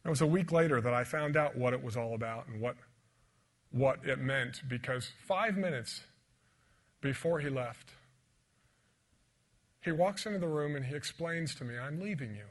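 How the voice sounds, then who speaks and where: A man preaching a sermon, telling a childhood story dramatically, dropping to whispers and building to loud emphasis. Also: medium pitch, moderate pace, long pauses. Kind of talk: sermon with personal testimony.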